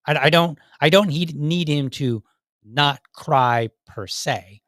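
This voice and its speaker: A man's voice: on the high side, slow, a bit bright, no room sound, studio quality. A man in his thirties hosting a solo talk show, speaking in a conversational way with frequent restarts and asides. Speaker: podcast host.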